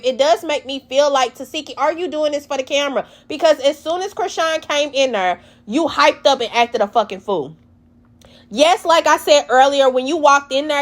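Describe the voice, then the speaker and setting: A woman recapping a reality show in blunt, profane, animated casual talk. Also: high voice.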